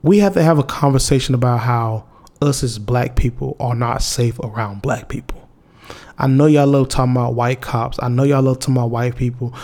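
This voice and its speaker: A man's voice: mid-range voice, brisk, a little mellow. Candid young man with a lilt. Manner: candid, rambling, with many restarts and slang. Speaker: vlogger. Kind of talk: casual heartfelt monologue to viewers.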